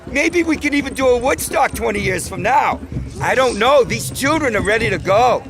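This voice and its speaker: A man's voice: very high voice, animated, normal speed, over music, low-quality recording. A man chatting in an exuberant way, with whoops of joy. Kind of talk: casual chat.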